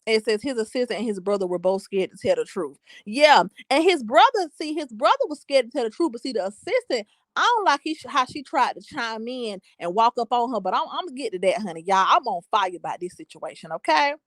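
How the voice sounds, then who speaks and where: Sassy young woman, bright voice, dry sound. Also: fairly high pitch, fairly quick, few pauses, dry recording. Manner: animated, sassy, emphatic. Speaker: livestream host reading comments. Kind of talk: casual commentary chat.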